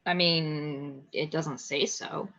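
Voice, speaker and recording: A woman playing a tabletop game, excitable and swearing freely. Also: deep voice, slow. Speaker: player. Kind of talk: casual tabletop play. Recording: dull lo-fi mic.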